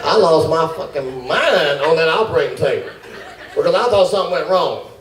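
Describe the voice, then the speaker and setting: A man doing stand-up comedy, telling a fast, animated story and acting out his own panic. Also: a little high. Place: comedy club with laughing audience. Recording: roomy, distant club recording with noise.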